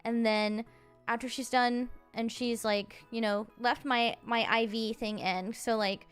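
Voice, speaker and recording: A woman around thirty, a streamer telling a story in a chatty, halting way, full of "like" fillers and restarts. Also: on the high side, steady tone, clear, resonant tone, soft background music. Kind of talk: casual storytelling.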